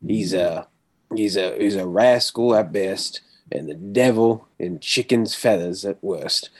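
A man voicing a stern rancher with a shotgun, in a halting put-on Southern drawl. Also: on the low side, darkish tone, no room sound. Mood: grim.

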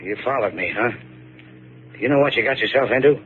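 A man's voice: mid-range voice, fairly quick, a bit bright, close to an everyday voice. A tough, sardonic skipper, played by a man in an old radio play, dry and defiant under a gun. The broadcast sound is thin and narrow, with a faint hiss. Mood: grim. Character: tough, sardonic male boat owner. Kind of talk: 1950s radio drama acting.

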